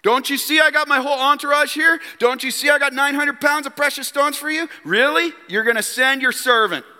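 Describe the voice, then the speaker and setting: A man's voice: extremely high pitch, pushed and bright, big-room sound, pitched above the performer's own voice, heavily acted. A man acting out a proud, indignant army commander who scoffs at humble treatment, in a sermon. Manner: scornful and affronted, rapid complaints.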